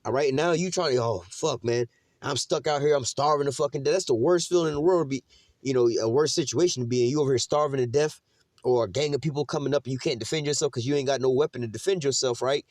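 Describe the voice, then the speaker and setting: Speaking quickly in a mid-range, darkish voice, a man teaches scripture informally, his tone preachy and mocking, laced with street slang and profanity. "Man" and "you know what I'm saying" come up often. Studio-quality audio, no echo, and he's a religious teacher.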